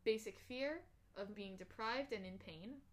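Speaking a little slowly in a mid-range voice, this young female podcast co-host reads out personality test results. She keeps it casual, with fillers, restarts, and easy laughter.

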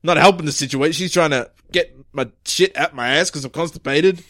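A man improvising as a crude, bullying male police chief in a comedy sketch, heckling his officers with loud rants. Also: a little high, brisk, no echo, studio quality, voice pushed up, lightly acted. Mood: ranting.

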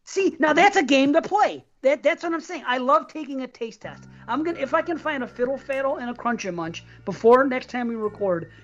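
A podcast co-host reviewing a horror film in casual, animated chat, cursing and laughing often. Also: high voice, fairly quick, few pauses, highs cut off, soft background music.

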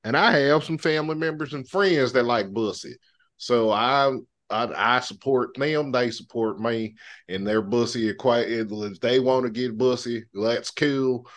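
A man's voice: medium pitch, unhurried. A man co-hosting a podcast, talking in a drawling, folksy way with stammered restarts. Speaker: podcast co-host. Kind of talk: casual chat.

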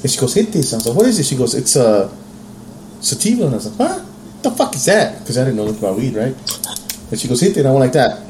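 Animated storytelling man, echoey room. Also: mid-range voice, racing, slight background noise. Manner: animated, profane, acts out quotes. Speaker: podcast co-host. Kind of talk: casual storytelling chat.

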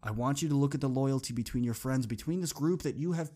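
Quick-paced and dark in tone, a medium-pitched male voice tells a personal story on the motivational podcast he hosts. His manner is earnest and conversational, and he repeats phrases for emphasis.

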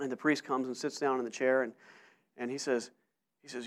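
A man preaching a sermon to his church, telling stories in an animated way with frequent restarts. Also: mid-range voice, brisk. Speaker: pastor.

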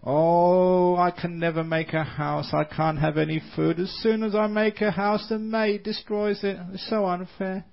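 A man's voice: sits high, flat delivery, unhurried, creaky, hardly any pauses, highs cut off, voice pushed up. A man voicing a sad, hungry, tired male spider who complains that life is unfair. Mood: whining. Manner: whining, self-pitying.

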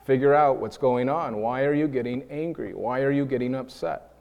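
Male preacher from New York, mid-range voice, lively sermon delivery, acts out quoted voices, large reverberant hall. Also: mid-range voice, normal speed, creaky, dull audio. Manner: animated, acts out quoted voices, repeats words when building a point.

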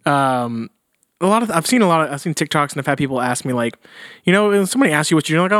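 A man's voice: a little high, lively intonation, fast talker, fairly bright tone, no echo, studio quality. A man co-hosting a podcast, talking in a matter-of-fact, advice-giving way in casual chat. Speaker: podcast co-host.

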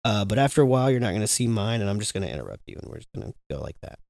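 A man's voice: fairly low pitch, very animated, racing, vocal fry, a little mellow, no room sound, clean studio sound. A man co-hosting a podcast, chatting loosely with a friend, rambling, joking and swearing freely. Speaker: podcast co-host. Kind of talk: casual podcast chat.

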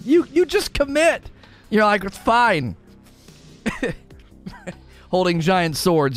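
A man's voice: sits high, slow, long pauses, faint music behind. A young adult man streaming a game, talking casually with his chat, laughing often and greeting viewers. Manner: animated, laughs often, reads chat aloud.

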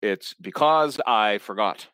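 A man co-hosting a podcast who keeps interjecting to steer the talk. His voice is fairly low, and the sound is dry and close. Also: expressive, slow, bright, forceful tone, clean tone, no echo. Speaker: podcast co-host. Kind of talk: casual chat.

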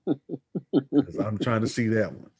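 A man's voice: lowish voice, expressive, slow, a little mellow, slightly rough, no room sound. Laid-back man chatting about wrestling. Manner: reads news quotes aloud, easygoing. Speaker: podcast co-host. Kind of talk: casual wrestling chat.

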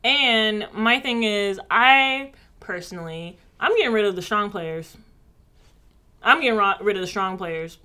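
An American woman co-hosting a casual chat, animated and joking. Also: mid-range voice, unhurried, smooth. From United States. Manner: animated, joking, mocks accents playfully.

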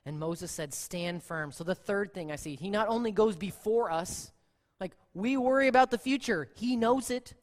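A pastor preaching a sermon in a conversational, animated way, acting out quoted lines. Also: medium pitch, normal speed. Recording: long reverb in a large hall.

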